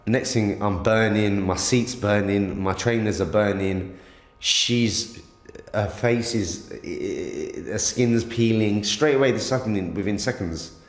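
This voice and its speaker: Low-voiced man, halting, in a roomy hospital room. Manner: halting, with many stammered restarts. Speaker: interviewee, attack victim. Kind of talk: emotional first-person account.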